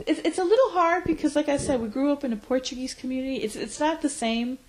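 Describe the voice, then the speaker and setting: A woman in her forties, reflecting on her life in an interview, pausing often with fillers. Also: high voice, poor audio. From United States. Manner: reflective, hesitant with frequent fillers. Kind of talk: oral history interview.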